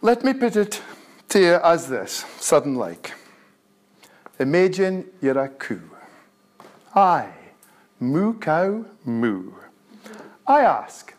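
A man with a North-East Scots accent reciting his poetry in a measured, deliberate way. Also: on the high side, very animated. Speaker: poet.

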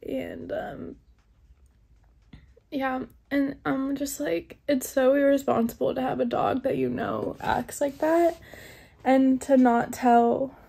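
A young woman talks to her camera in a loose, rambling way, full of "like" and "um". She sounds shaken and upset. Her voice sits high but barely moves, with a husky, mellow tone. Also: steady tone, slow pace. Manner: rambling, many fillers like "like" and "um". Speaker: vlogger. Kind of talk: casual vlog talk.

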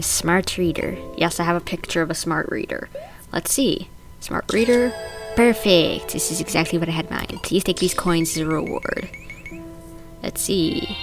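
A woman's voice: fairly low pitch, fairly bright tone. Chatty woman narrating her gameplay. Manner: chatty and playful, narrating her own moves. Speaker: gaming video host. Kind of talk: casual let's-play commentary.

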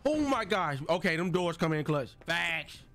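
A young man giving casual gameplay commentary, jumpy and loud, repeating exclamations and slang as he plays. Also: on the high side, steady tone, a little slow, faint music behind. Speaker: gaming streamer.

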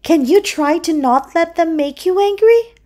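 A woman voicing a kind, gentle young female seahorse in a high, sweet voice. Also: lively intonation, a little slow.

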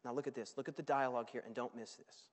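A man preaching a sermon in a large auditorium, with animated, dramatic storytelling. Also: medium pitch, racing. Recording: long reverb of a large hall.

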